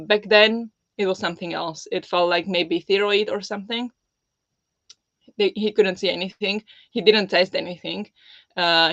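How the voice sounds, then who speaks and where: A livestream host chats casually with viewers from home, speaking softly in a held-back, lowered voice because of a sore, swollen throat. The voice sits at a middling pitch, and the dry recording sounds slightly muffled.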